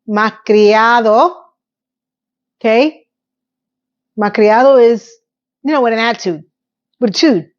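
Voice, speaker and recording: A woman's voice: a little high, normal speed, pauses often, a little mellow, lo-fi sound. A woman chatting casually to her viewers as she recaps a TV episode, sassy and direct.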